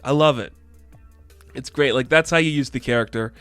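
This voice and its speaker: A man's voice: mid-range voice, normal speed, a bit bright, clean tone, dry recording, faint music behind. A young man giving a casual, enthusiastic and rambling video review as the channel host. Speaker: comic book reviewer.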